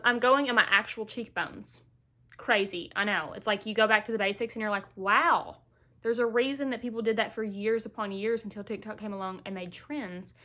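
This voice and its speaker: A young woman, recovering from illness, chats her way through a makeup tutorial at home. Her voice sits a little high. She is playful and loose, full of asides. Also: bright, forceful tone. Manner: chatty, playful asides, Southern-style "y'all". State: recovering from illness, gets out of breath. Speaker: beauty vlogger. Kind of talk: casual makeup tutorial chat.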